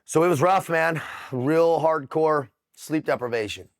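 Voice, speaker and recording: A middle-aged man telling his story in a casual interview, blunt and profane, with frequent halting restarts. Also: a little high. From United States. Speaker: interview guest.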